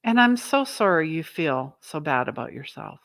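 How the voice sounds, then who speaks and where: A woman's voice: deep voice, big pitch swings, moderate pace, fairly bright tone, no room sound. Earnest woman giving motivational advice. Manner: earnest and emphatic, asks listeners "right?". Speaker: self-help channel host. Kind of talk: motivational talk to camera.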